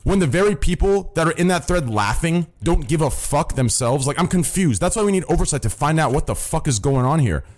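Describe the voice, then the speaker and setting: A young man with a fairly high, expressive voice hosts a stream voice chat, talking fairly quickly with few pauses. He rants bluntly and swears constantly, repeating "listen" and "okay?" throughout this casual, profane stream rant.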